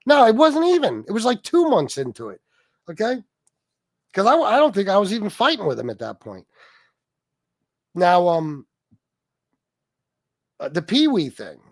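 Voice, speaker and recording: A man's voice: high voice, huge pitch swings, moderate pace, pauses often, dry recording. A man hosting a livestream, reading chat comments aloud and commenting in a profane, mocking way. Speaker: livestream host.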